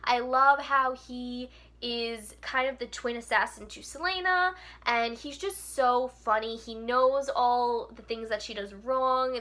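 Bright-voiced young woman gushing. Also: a little high. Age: young adult. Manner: gushing, with many "like" fillers. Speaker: book vlogger. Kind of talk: casual chat.

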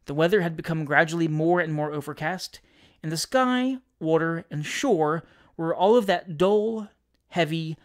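An audiobook reader narrating a classic comic story with wry, expressive storytelling. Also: mid-range voice.

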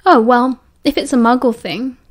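A woman's voice: high-pitched, normal speed, a little mellow, lightly acted. A woman with a British accent voicing an earnest, anxious teenage wizard boy who speaks cautiously in an audiobook. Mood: concerned. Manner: cautious, concerned.

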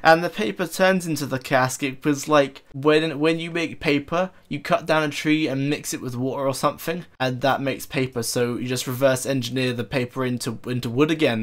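A young man giving casual commentary over his own gameplay, excitable and chatty, often gasping and laughing as he talks to viewers. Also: medium pitch, normal speed, few pauses. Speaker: gaming video creator. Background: faint background music.

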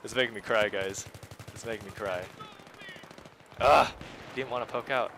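A man hosting a gameplay video gives live commentary, talking casually straight to viewers, muttering asides, and breaking into sudden exclamations. His medium-pitched voice is gravelly yet fairly bright, unhurried, with frequent pauses and slight background noise.

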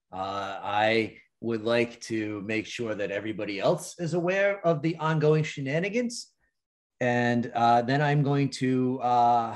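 A man playing in a tabletop game, casual and self-deprecating. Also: mid-range voice. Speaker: player.

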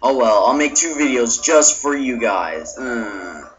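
Excitable young man yelling at a game. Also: mid-range voice, slow. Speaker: gameplay video maker. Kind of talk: frustrated let's-play commentary. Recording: dull lo-fi mic with game music.

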